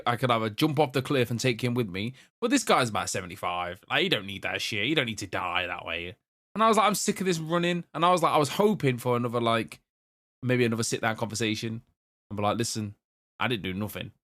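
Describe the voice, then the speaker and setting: A man's voice: mid-range voice, fast talker. English man telling game stories. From England. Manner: animated storyteller, acts out quoted lines. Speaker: podcast co-host. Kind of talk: casual chat.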